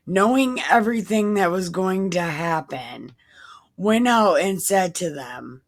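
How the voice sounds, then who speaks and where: A woman's voice: lowish voice, lively intonation, slow. A woman reading Bible passages aloud and breaking off for irreverent, profane, wisecracking asides in a casual tone. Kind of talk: casual scripture reading with commentary.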